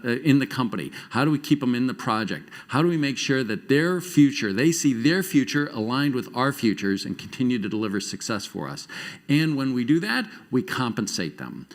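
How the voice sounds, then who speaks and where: A middle-aged man speaks from a conference stage, his pitch rising and falling freely as he tells stories. His delivery keeps jumping between loud, quick bursts and slow, quiet asides. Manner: animated storytelling with quick shifts in loudness and pace. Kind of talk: conference keynote talk. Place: conference stage before a live audience.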